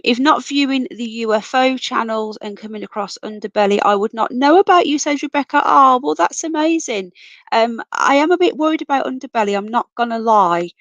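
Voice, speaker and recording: Woman with a husky failing voice. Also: on the high side, a bit bright, no echo. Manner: chatty, calls everyone darling and sweetheart. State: voice going, coming down with a cold. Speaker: livestream host. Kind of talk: casual live chat reading comments. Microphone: computer mic, off camera.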